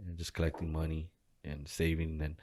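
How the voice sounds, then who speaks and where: A gym co-owner talking loosely in a casual interview, slangy and full of swearing, and often breaking into laughs. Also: male voice, extremely low pitch, monotone, brisk, darkish tone.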